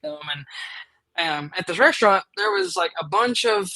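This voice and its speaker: A man's voice: high-pitched, expressive, normal speed, pushed and bright, dry recording, poor audio. A man hosting a podcast, telling a story in casual chat, rambling and eager with lots of fillers. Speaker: podcast host.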